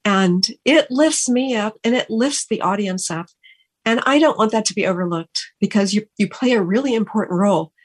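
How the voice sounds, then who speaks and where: A woman radio talk show host speaks with open gratitude. Her voice sits at a middling pitch, and her sentences often stop and restart as she searches for words. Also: moderate pace, breathy edge. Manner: earnest, gushing and grateful, with many restarts. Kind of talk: heartfelt on-air thank-yous.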